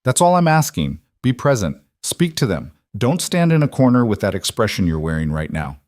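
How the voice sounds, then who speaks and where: A man doing a commanding, sharp-tongued queen mother. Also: lowish voice, sing-song, moderate pace, no echo, studio quality. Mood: insistent.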